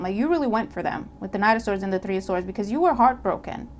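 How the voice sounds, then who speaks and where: A woman reads tarot cards for her audience in a casual, animated voice at a middle pitch. She checks in often and repeats her points. A faint hiss sits under her voice. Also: fast talker, few pauses. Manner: animated, acts out imagined dialogue; checks in with listener, repeats herself. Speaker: tarot reader. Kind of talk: casual tarot reading to camera.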